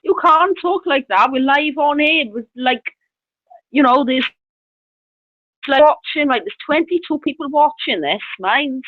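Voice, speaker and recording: High giggly woman chatting live on a stream, kinda muffled lo-fi audio. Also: animated, measured pace, slight background noise. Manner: giggly, laughing fits. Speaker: livestream co-host. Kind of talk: casual live chat. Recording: lo-fi dull livestream audio.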